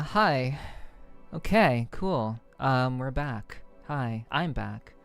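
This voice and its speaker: A woman's voice: extremely low pitch, expressive, very slow, smooth, soft background music. A woman streamer chatting casually with her viewers, rambling with many fillers and restarts and swearing freely. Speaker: VTuber streamer. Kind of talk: casual stream chat reading comments.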